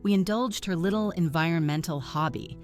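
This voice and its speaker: A domineering rich father, middle-aged, who bellows his contempt and then slides into a calm, deceptively reasonable tone, as a woman narrator puts him on. The voice sits low, with faint music behind it. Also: brisk, close to an everyday voice. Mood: cold. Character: blustering wealthy father, middle-aged man.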